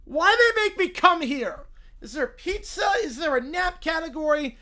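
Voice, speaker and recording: A pouty little cartoon boy whines and complains in a high, strained voice, as a man puts him on. Every line comes out as a sulky protest. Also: expressive, moderate pace, sharp tone, heavily acted. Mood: whiny. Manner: whining, pouty. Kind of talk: reading a fan script aloud with voices.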